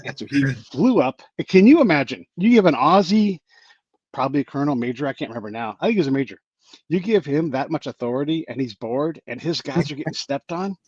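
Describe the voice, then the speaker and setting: Male podcast host, husky and lively, storyteller who plays every part; dull dry lo-fi recording. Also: fast, no echo. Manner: animated, acts out quoted people with big pitch jumps. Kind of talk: casual storytelling chat.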